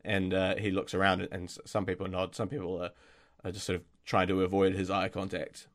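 A man's voice: low voice, monotone, brisk. A man narrating as game master in a tabletop game, hesitant with many fillers and restarts.

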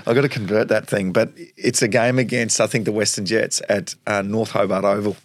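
Aussie bloke telling old footy stories, lively, laughs a lot, low gravelly voice. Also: male voice, fairly quick, no room sound, studio quality. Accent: Australian. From Tasmania, Australia. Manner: animated storyteller, acts out quotes, laughs often. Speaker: guest, former footballer. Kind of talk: storytelling interview.

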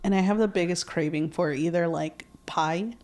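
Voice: medium pitch, normal speed, darkish tone. A podcast co-host chatting casually, gushing about food. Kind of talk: casual chat.

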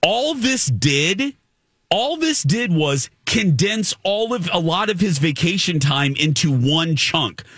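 A man's voice: on the high side, very animated, slow pace, fairly bright tone, breathy edge, dry recording, clean studio sound. A man hosting a talk radio show, chatting casually and rambling with restarts, and reading ads. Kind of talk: casual chat and read ads.

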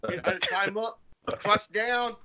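A man's voice: sits high, fairly even intonation, a little slow, a loud crowd. A man telling stories in casual banter with friends, laughing often and swearing freely.

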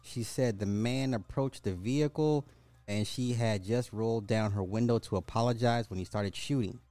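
Low-voiced man giving casual commentary. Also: moderate pace, dark tone, no room sound, soft background music. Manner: mocking, reads news aloud with asides. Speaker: podcast host.

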